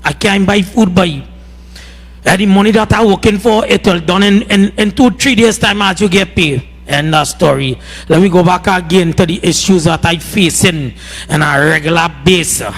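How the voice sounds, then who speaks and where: High-voiced Trinidadian man, impassioned. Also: normal speed. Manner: heated, repeats "boy" often. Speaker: farmer speaking at a community budget meeting. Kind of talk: impassioned public address. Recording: reverberant hall.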